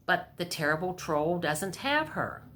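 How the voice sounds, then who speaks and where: A woman's voice: on the low side, sing-song, a little slow, fairly bright tone, slight background noise. A woman voicing a humble, eager young hole digger in a storybook reading, in an earnest plain tone.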